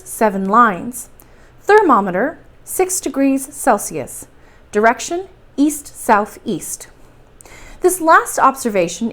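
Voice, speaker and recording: A woman reading a classic adventure novel aloud as a bedtime story, in steady, clear narration. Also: fairly high pitch. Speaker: library storytime reader.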